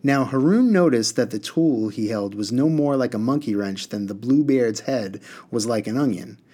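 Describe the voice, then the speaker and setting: A man reading a novel aloud and discussing it, in a measured, clear way. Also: fairly low pitch, warm tone. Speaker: book discussion reader.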